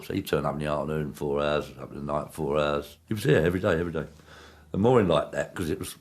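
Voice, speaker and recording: A former darts player with an extremely low, fast voice looks back on his career in a casual interview. He speaks bluntly and plainly as he reminisces.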